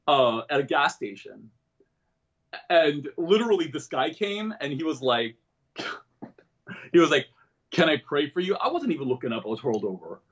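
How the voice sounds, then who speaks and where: A man telling a candid personal story in an interview, self-deprecating and joking about dark things. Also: mid-range voice, dull audio. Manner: animated, switches into quoted voices. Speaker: comedian and guest.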